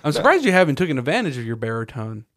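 Young man, mid pitch, dry studio sound, casual hesitant chat. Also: big pitch swings, racing, a bit bright, dry recording. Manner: conversational, hesitant, many fillers and restarts. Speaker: podcast co-host.

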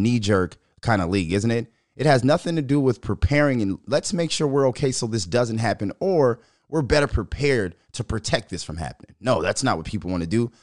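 A man hosting his own podcast, talking sports in a loose, profane style, often laughing and getting loud. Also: medium pitch, no room sound, clean studio sound. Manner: loud, animated, laughing, swears a lot. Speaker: podcast host. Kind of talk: casual profane sports commentary.

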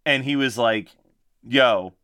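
A man's voice: medium pitch, animated, normal speed, sharp tone, clean tone, no echo, studio quality. A man co-hosting a casual podcast chat about movies and music, talking with lots of fillers and frequent laughs. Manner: chatty, laughs often, many fillers. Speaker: podcast co-host.

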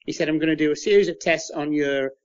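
A man tells long anecdotes in a casual, rambling way, often stumbling over repeated words and slipping into the voices of people he quotes. His voice sits a little high for a man. The sound is slightly muffled and dull. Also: quick pace, smooth. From England. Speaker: interview guest, former footballer.

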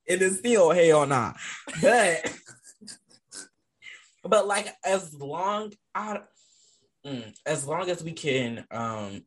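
A man co-hosting a casual podcast, thinking aloud in a hesitant, unhurried way. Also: a little high, lively intonation. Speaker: podcast co-host.

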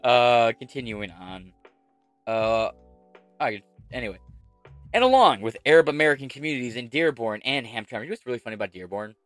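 A man's voice: mid-range voice, lively intonation, fairly quick, a bit bright, no echo, soft background music. A man hosting political commentary, reading an article aloud and ranting over it with heavy swearing and sarcasm.

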